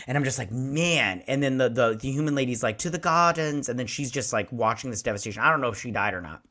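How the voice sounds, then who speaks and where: Excitable man in his forties, bright voice. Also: medium pitch, fast talker. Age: 40s. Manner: excitable, rambling, swears freely. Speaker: show host. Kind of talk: casual episode review.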